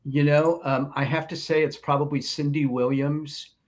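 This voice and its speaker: A man, a writer and producer guest, telling anecdotes in an interview with an animated manner. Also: on the high side, moderate pace. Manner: animated storyteller.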